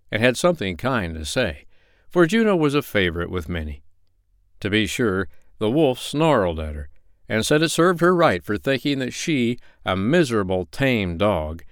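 A man reading a children's animal story aloud in a lively, expressive way. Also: on the low side, clean tone, no echo, clean studio sound. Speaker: narrator.

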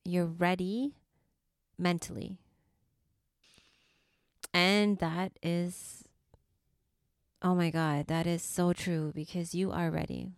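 A woman hosting a spiritual podcast for mothers, speaking softly and affectionately and sometimes dropping to a whisper. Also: fairly low pitch, flat delivery, takes it slowly, long pauses, no echo, studio quality. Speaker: podcast host and life coach. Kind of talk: slow, soothing spiritual podcast talk.

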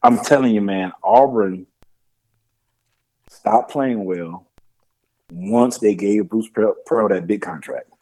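A man co-hosting a casual sports talk radio show, an animated storyteller who laughs often and acts out the people he quotes. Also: fairly low pitch, takes it slowly, long pauses, low-quality recording. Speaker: co-host.

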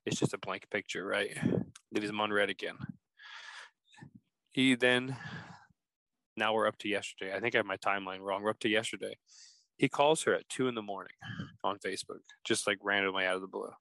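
A man's voice: on the low side, a little fast, vocal fry, long pauses, dry recording, low-quality recording. A man hosting a podcast, telling a story casually and acting out the quoted text messages. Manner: animated, acts out quoted texts. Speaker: podcast host.

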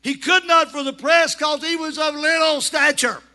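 A man preaching a revival sermon in a church, shouting and telling stories with dramatic flair. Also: extremely high pitch, steady tone, moderate pace. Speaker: pastor. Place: church sanctuary.

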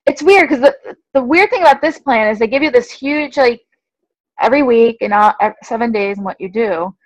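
A woman co-hosting a running podcast in casual chat, self-deprecating and quick to laugh. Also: on the high side, animated, no echo, highs cut off. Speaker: podcast co-host.

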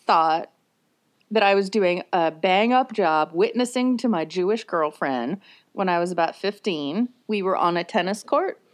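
A woman in her forties co-hosting a casual chat, telling animated stories and laughing often. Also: lowish voice, measured pace. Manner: laughs often, animated storytelling with sung bits. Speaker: podcast co-host.

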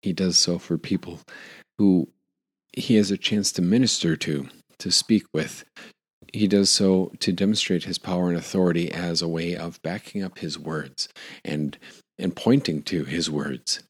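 Male pastor, very low voice, relaxed conversational sermon with restarts. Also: a little slow, slightly rough. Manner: conversational with fillers and restarts, laughs lightly.

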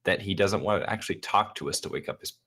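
A man's voice: sits low, quick pace, fairly bright tone. A man co-hosting a podcast in a laid-back, joking casual chat. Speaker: podcast co-host.

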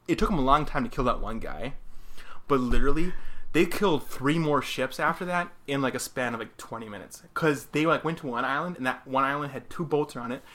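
A man casually telling a gaming story, animated, laughing often as he tells it. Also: medium pitch.

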